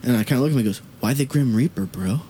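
A man's voice: mid-range voice, animated, very fast, warm tone, a little hiss or hum. A young man hosting a podcast, telling a rambling story and swearing as he acts out the voices of people in it. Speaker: podcast host. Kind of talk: casual storytelling.

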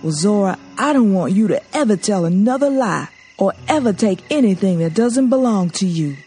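A woman voicing an earnest, gentle young man who counsels a girl. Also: medium pitch, expressive, moderate pace, husky, faint music behind. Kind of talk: audiobook character voice.

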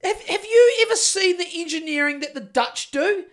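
Middle-aged New Zealand man, high-voiced podcast host who rants and swears hard. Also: animated, moderate pace, fairly bright tone. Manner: sweary heated ranting. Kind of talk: casual chat.

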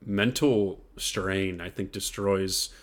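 A man's voice: low voice, fairly even intonation, slow pace. A man co-hosting a casual faith podcast, speaking in an earnest, reflective way and laughing easily. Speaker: podcast co-host.

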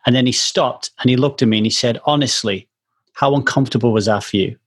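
A man co-hosting a podcast tells stories in casual chat, animatedly acting out the people he quotes. He talks fast, with medium pitch and a breathy edge.

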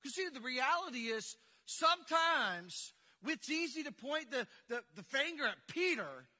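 A man's voice: very high voice, sing-song, unhurried, bright, forceful tone. A male pastor preaching a sermon with call-and-response and humor, in a church sanctuary. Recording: echoey church hall.

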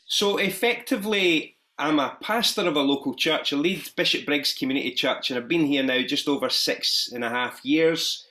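A man's voice: fairly high pitch, normal speed, few pauses, pushed and bright. Man, Glaswegian accent, friendly and self-deprecating, repeats words as he goes, video call. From Scotland, Ayrshire. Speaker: pastor and social enterprise founder. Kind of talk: conversational talk on an online panel.

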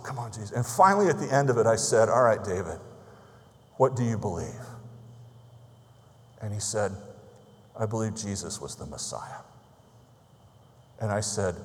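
A man preaching a sermon as a pastor, telling a story that grows quiet and solemn and ends in prayer. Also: medium pitch, long reverb tail.

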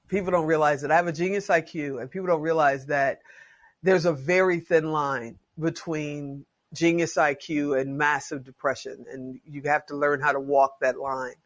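A woman in her late fifties, a podcast guest talking in a casual interview as an expressive, folksy storyteller. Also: deep voice. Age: 50s.

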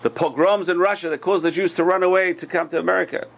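A man teaching a Torah class, telling stories in an animated way and swinging between loud and hushed delivery. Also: high-pitched, fast talker, gravelly. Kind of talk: storytelling sermon.

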